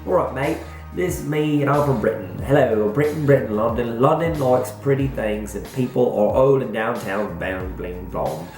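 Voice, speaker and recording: A man's voice: medium pitch, moderate pace, few pauses, a little mellow, faint music behind, close to an everyday voice. A man putting on a clumsy fake British accent that slides toward Australian, joking and trailing into made-up words. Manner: joking, drifts between accents, gibberish words. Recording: echoey room.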